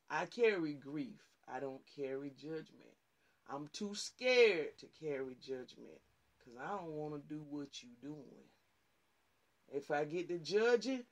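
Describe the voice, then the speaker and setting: A man's voice: a little high, gravelly. A man hosting a ministry livestream who preaches informally, repeats his phrases and slips into fervent spoken prayer. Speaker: ministry host.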